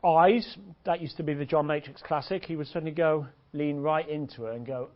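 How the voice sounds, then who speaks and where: A man teaching a dating seminar in an animated, joking way, swearing and laughing often. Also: a little high, fairly quick, few pauses. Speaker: dating coach. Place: seminar room. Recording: dull lo-fi recording.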